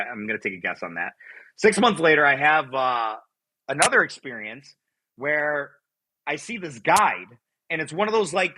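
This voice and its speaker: A man from Buffalo, New York, recounting his own experience in a bright, forceful voice with a husky edge. He tells it in an animated way and acts out the lines he once shouted. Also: on the high side, poor audio. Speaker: guest. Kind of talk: telling a personal story.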